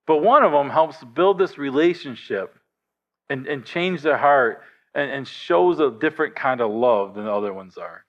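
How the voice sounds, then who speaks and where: A middle-aged pastor preaching in an easygoing, chatty way and joking at his own expense. His voice sits a little high for a man. The recording sounds dull and lo-fi. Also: fairly bright tone. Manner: conversational storytelling with self-deprecating humor. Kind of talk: sermon.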